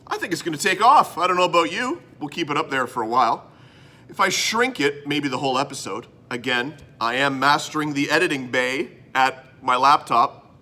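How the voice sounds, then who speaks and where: A man hosting his own comedy web show, talking to camera in a rambling, sarcastic monologue that swings from mutters to loud bursts. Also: fairly high pitch, expressive, normal speed. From Canada.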